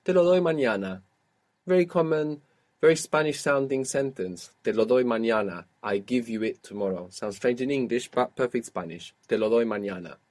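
A man's voice: medium pitch, normal speed, darkish tone. Guy teaching a language, patient, keeps prompting and saying good. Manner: patient, prompting and correcting a learner. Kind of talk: guided language lesson.

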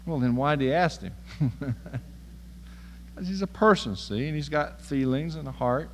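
A man's voice: fairly high pitch, normal speed, long pauses, big-room sound, rough recording. A man preaching a sermon in a folksy, humorous and emphatic way.

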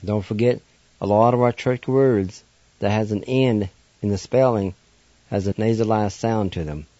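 A man with a Cherokee accent teaches words slowly and patiently, spelling each one out letter by letter. His voice is low and mellow. The sound is dry and a little dull, like an old radio studio. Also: no echo. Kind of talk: slow spelled-out language lesson.

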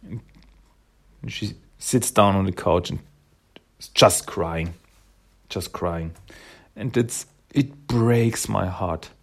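A man with a lowish voice talks slowly through a comic book recap. He hesitates often and sounds emotionally moved by what he describes. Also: gravelly, slightly rough. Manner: hesitant, emotional, many fillers and restarts. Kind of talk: casual spoken recap.

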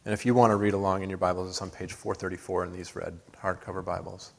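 A man preaching a sermon as pastor, earnest, building to emphatic peaks and then dropping soft. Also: deep voice, flat delivery, fast, creaky. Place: church sanctuary.

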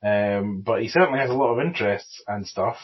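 A man's voice: lowish voice, fairly quick, husky. A man co-hosting a casual film podcast, chatty and wry, often trailing into asides. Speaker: podcast co-host. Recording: muffled, dull home recording.

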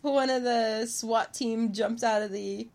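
A woman's voice: fairly high pitch, fairly even intonation, slow, darkish tone. A woman chatting casually and crudely while commenting on a movie, laughing often and rambling. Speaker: co-host of a movie watch-along.

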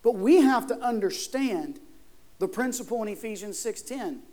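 High-voiced preaching pastor, man. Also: lively intonation, normal speed, darkish tone. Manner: preaching with rising emphasis, rhetorical questions to the congregation. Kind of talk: sermon.

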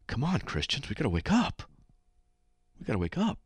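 A man's voice: mid-range voice, wildly swooping pitch, a little fast, husky, dry recording, clean studio sound. A man hosting a Christian call-in radio show, telling a story in an earnest, exhorting way.

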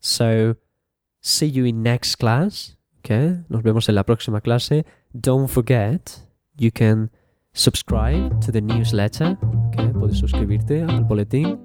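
A man teaching English to beginners at a very unhurried pace, repeating each word and pausing to check with okay. His voice is mellow and dark, and the recording sounds dry and close. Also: medium pitch, no echo, soft background music. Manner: repeats each word, adds quick translations, often asks okay. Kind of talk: slow bilingual beginner lesson.

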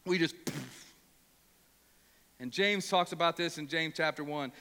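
A man's voice: on the high side, measured pace, long pauses, pushed and bright, smooth, big-room sound. A male pastor from Ohio preaching a sermon, emphatic and prone to repeating words when worked up.

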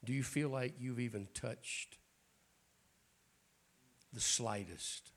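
A middle-aged man preaching an informal Pentecostal sermon in a church, hoarse and raspy, often clearing his throat, with folksy jokes to the congregation. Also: medium pitch, takes it slowly, fairly bright tone. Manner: folksy, joking asides to the congregation.

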